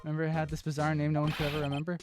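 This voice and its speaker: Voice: mid-range voice, monotone, racing, over music. A streamer giving casual, rambling commentary while playing a game, with swearing and laughing asides.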